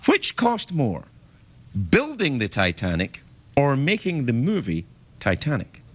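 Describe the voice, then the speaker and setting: A middle-aged man hosting a late-night chat show, joking in a playful, animated way. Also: medium pitch, a little slow. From Scotland. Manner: playful, jokey, animated delivery. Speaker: talk show host. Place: TV studio with audience.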